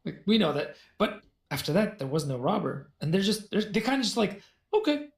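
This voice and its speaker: Gravelly-voiced man retelling a fairy tale. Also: sits high, a little fast. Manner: animated, jokey retelling with laughs and asides. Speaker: guest storyteller. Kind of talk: casual storytelling in a podcast conversation. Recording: roomy echo.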